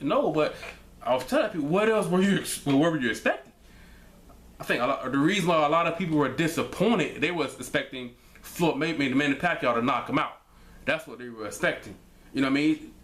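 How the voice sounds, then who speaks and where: A man giving his opinions in a casual vlog, loose and conversational, with lots of filler phrases, rising higher and more emphatic when he makes a point. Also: fairly bright tone. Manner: loose and conversational, many "man" and "you know what I mean" fillers. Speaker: vlogger giving fight commentary.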